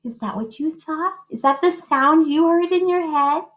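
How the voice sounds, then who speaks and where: A woman music teacher telling a story to young children and leading simple call-and-response singing, encouraging and sing-song. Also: a bit bright. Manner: slow, sing-song and encouraging, modeling high and low notes for kids. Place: school music room. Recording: echoey classroom.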